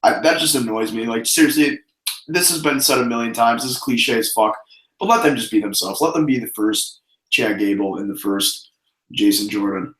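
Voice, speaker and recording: A man's voice: mid-range voice, normal speed, roomy sound, poor audio. A man casually co-hosting a wrestling review, talking profanely and breaking into mocking impressions. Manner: profane, animated, does mocking voices. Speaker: podcast co-host.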